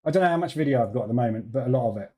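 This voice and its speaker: A man's voice: mid-range voice, lively intonation, very fast, mellow. A man hosting a live trading stream, chatting casually with viewers, greeting them by name and laughing easily, on a studio microphone.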